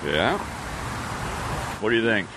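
A joking, easygoing man co-hosting a podcast on an outdoor restaurant patio. His voice moves around a lot in pitch. Traffic noise runs clearly behind him. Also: very animated, takes it slowly. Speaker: podcast co-host. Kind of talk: casual chat.

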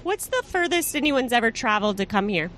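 A woman co-hosts a podcast in upbeat, chatty conversation full of laughs, recorded at a drive-thru and on an outdoor restaurant patio. Her voice is on the high side and sing-song, fairly quick, against a noisy background.

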